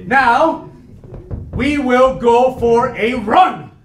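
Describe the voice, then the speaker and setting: A man's voice: extremely high pitch, extremely slow, a little hiss or hum, heavily acted. A man playing a barking drill leader. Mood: gruff. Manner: barking orders. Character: loud, bossy male military drill leader. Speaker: improv performer. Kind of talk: improv comedy scene. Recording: echoey room, distant.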